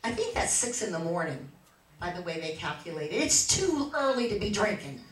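A middle-aged woman preaching a fervent sermon, moving from quiet storytelling to shouted exhortation. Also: fairly low pitch, big pitch swings, a little fast. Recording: echoey church from far off.

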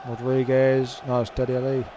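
A man's voice: mid-range voice, completely flat delivery, fairly quick, slight background noise. A young man giving casual commentary over a football video game, swearing and grumbling at the play and the referee. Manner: swearing, frustrated, shouts at the referee. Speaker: gaming commentator.

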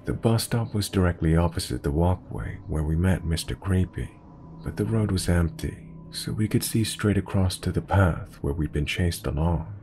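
A man narrating a scary story in a steady, measured reading voice. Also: low voice, slight background noise. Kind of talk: scripted narration.

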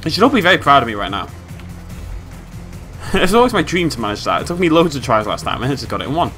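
A British man giving playful, excitable commentary on a game he is playing, humming tunes and yelping with glee. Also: on the high side, fast talker. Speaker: gameplay commentator. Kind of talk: casual let's-play commentary. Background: game music.

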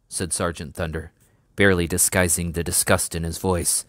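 A man reading a novel aloud in a measured, even way. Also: low-pitched, no echo, studio quality. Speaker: storybook reader.

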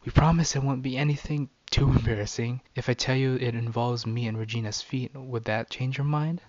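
A man's voice: medium pitch, steady tone, quick pace, a little mellow, no room sound, lo-fi sound, close to an everyday voice. A man voicing a cruel, mocking teenage girl bully who switches to a whiny fake-cute tone. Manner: taunting, fake-cute whining.

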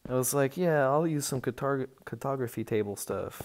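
A man giving casual, rambling commentary on a tour of his game village, easily excited and breaking into sudden outbursts. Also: medium pitch, normal speed, a little hiss or hum.

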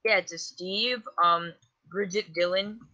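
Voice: medium pitch, steady tone, measured pace, pushed and bright. A gamer casually chatting during play, joking and teasing, heard over a muffled voice chat.

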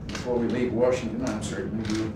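A man's voice: on the low side, little pitch movement, fairly quick. An older man giving a formal ceremonial speech as president, telling wry folksy anecdotes. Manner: folksy storyteller, wry joke delivery. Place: large ceremonial room. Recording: echoey hall from far off, noisy archive recording.

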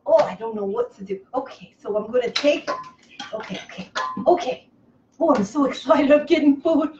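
A woman hosting a comic live cooking show from a kitchen, over-the-top excitable, breaking into squeals and gushing. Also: sits high, normal speed. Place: home kitchen. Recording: echoey kitchen, slightly dull, faint hiss.

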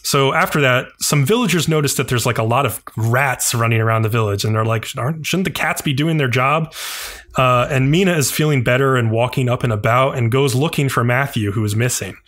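A man retelling a cartoon episode on a podcast in a relaxed, rambling way. His voice sits at an ordinary middle pitch, and he leans on filler words as he goes. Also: brisk. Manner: loose, filler-heavy storytelling with many "like"s. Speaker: podcast co-host. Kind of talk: casual chat, recapping an anime episode.

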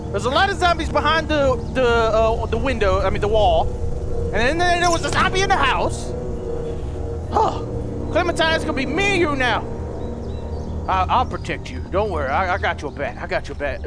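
A man doing playful let's play commentary, goofy and loud, who repeats lines and yells when startled. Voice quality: high-pitched comedic voice. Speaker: gaming YouTuber.

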